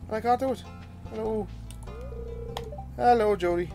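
A man's voice: sits high, moderate pace, mellow, faint music behind. A man giving casual gameplay commentary, exasperated and theatrical, grumbling and throwing mock insults.

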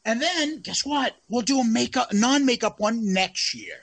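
A man's voice: very high voice, animated, moderate pace, vocal fry, fairly bright tone. A man co-hosting a casual podcast chat, swearing freely and laughing often. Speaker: podcast co-host.

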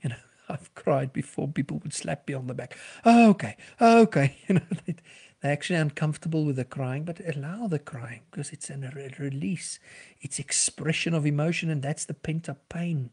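A middle-aged man, a clinical psychologist speaking on a podcast in an earnest, gentle and reassuring way. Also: a little high, fairly even intonation, brisk, slightly rough. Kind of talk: podcast talk giving advice.

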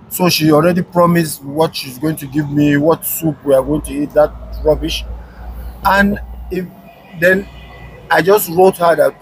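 A man tells a personal story to an interviewer, animated and full of restarts. His voice sits a little high. Faint outdoor noise runs under it. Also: unhurried, rough recording. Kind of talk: casual storytelling.

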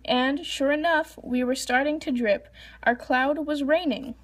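A woman with a fairly high voice reads a children's storybook aloud. She reads the narration plainly and lifts her pitch for the characters' lines. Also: fairly even intonation, unhurried. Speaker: reader.

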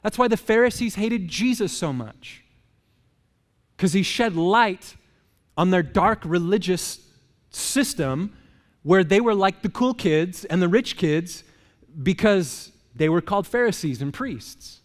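A man with a high voice preaches in a church sanctuary, his words trailing off into a long hall reverb. He keeps it loose and conversational, joking with the congregation and firing rhetorical questions at them. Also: expressive, slow pace. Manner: casual, joking, asks the crowd rhetorical questions. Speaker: pastor. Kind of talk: conversational sermon.

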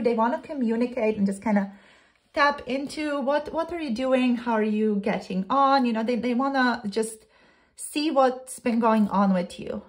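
A woman giving a pick-a-card tarot reading to her viewers, chatty and flowing, with many "um"s and "you know"s. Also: fairly high pitch. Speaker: tarot reader.

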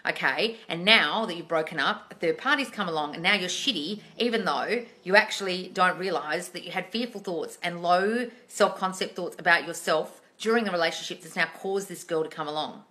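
Blunt, sharp-voiced woman coach. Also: fairly low pitch, a little fast, few pauses. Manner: blunt, profane, scolding; sarcastic mimicry of viewers. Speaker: manifesting coach. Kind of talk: live-stream question and answer.

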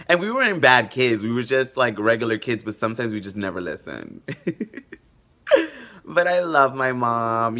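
Bright-voiced animated male vlogger. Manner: animated, jokey, swings in pitch. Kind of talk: casual storytelling.

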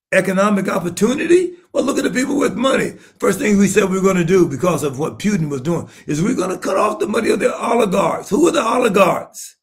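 Bishop in his seventies, higher-pitched male voice, emphatic sermon delivery with rhetorical questions and sudden shouts. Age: 70s. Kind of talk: sermon-style commentary.

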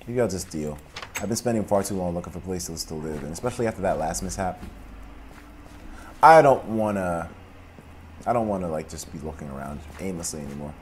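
A young man giving casual, profane let's play commentary, drifting between mumbled asides and loud outbursts. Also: low-pitched, animated, a little fast, long pauses, a little hiss or hum. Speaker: gaming commentator.

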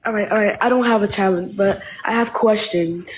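A man's voice: sits high, a little hiss or hum. A man joining a live stream as a guest who talks nervously, stalling with ums between his questions. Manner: nervous and halting, full of ums. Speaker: livestream guest. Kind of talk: casual livestream chat. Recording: echoey room.

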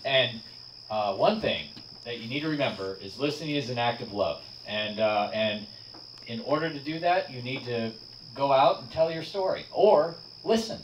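A man hosting a storytelling night in a bar, earnest and hesitant, with many pauses and restarts in his closing remarks. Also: medium pitch. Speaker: host. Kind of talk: closing remarks at a live event. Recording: echoey bar room, distant dull mic, noisy.

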